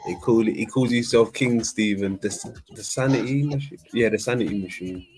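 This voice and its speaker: A man's voice: fairly low pitch, fairly quick, a little mellow, faint music behind. A man from hosting a casual chat, easygoing, laughing often and giving short replies. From London. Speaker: host.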